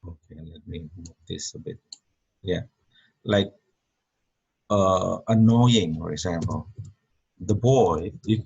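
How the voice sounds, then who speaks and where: A man teaching English grammar in an online lesson, talking slowly with many fillers and repeating words. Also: sits low, a little mellow, slightly rough, highs cut off.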